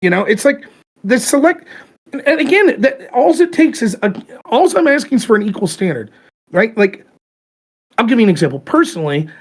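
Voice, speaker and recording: Guy on a podcast going off about politics, swears a lot, voice jumping all over. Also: high-pitched. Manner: animated, profane, ranting. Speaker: podcast host. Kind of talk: casual political rant.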